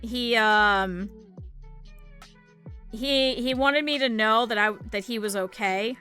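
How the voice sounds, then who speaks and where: A young adult woman from the American Midwest, chatting casually on a livestream. Her voice sits high and sounds bright and sharp. She rambles through stories with plenty of fillers, swearing and laughter, and faint music plays underneath. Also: slow, clean tone. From Cleveland area, United States. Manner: rambling anecdotal storytelling with lots of swearing and laughter; many fillers and restarts, voices others in her quotes. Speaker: streamer. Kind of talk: casual chat while crafting.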